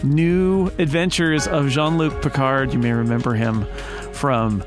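A man hosting a casual panel podcast, chatty and quick to laugh, often correcting himself mid-sentence. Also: mid-range voice, fairly even intonation, music in the background. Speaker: podcast host.

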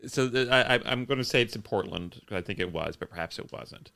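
A man's voice: on the low side, fast, gravelly, pushed and bright. A man co-hosting a podcast, recapping a movie plot in casual chat with a dry manner. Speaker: podcast co-host.

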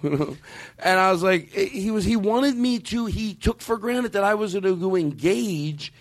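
A man hosting a podcast, talking in a casual, profane, animated way with many restarts. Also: high-pitched, measured pace. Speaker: podcast host.

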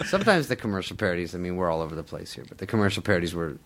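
A man's voice: deep voice, big pitch swings, rapid-fire, over a noisy crowd. A man, a guest comedian, telling stories in a casual chat, laughing often and acting out the people he quotes.

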